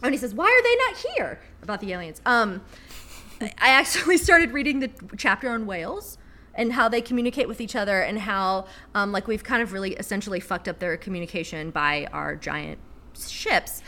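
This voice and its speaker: A woman's voice: mid-range voice, a little fast, pushed and bright. A woman co-hosting a casual chat, rambling with many fillers and casual swearing, reading a book passage aloud. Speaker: podcast co-host.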